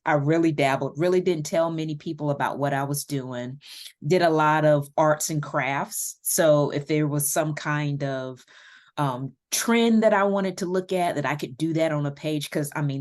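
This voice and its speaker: A woman with a Southern American accent, a podcast guest speaking in a relaxed, reflective interview style with light laughs and fillers. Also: low voice. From Virginia, USA. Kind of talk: casual interview conversation.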